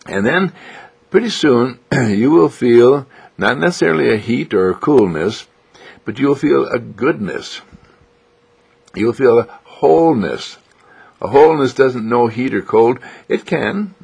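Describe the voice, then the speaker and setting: A man gently guiding listeners through a self-healing exercise, with a coaxing, repetitive manner. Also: medium pitch, animated, measured pace, creaky, breathy edge. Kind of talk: guided self-healing instruction.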